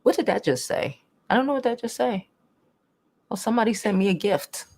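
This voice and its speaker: A young woman, hosting a casual live stream, talking bluntly and profanely, animated, and reading chat comments aloud. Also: mid-range voice, a little fast.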